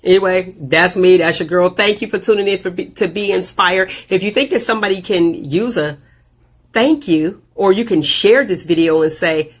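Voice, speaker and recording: A woman hosting a casual live video show, telling stories with animated, jumpy delivery and big leaps in pitch on quoted lines. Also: normal speed. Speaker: host.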